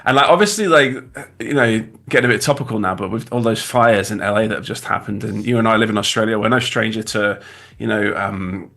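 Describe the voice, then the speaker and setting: A man's voice: on the low side, a little fast, vocal fry, a bit bright. A man from the UK in his thirties with a British accent, chatting casually as a guest designer on a livestream, rambling with many restarts.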